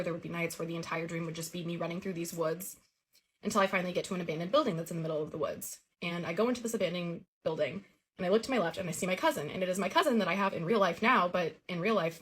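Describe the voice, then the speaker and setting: A woman's voice: fairly low pitch, breathy edge. A woman telling the story of a recurring childhood dream in a casual, earnest way.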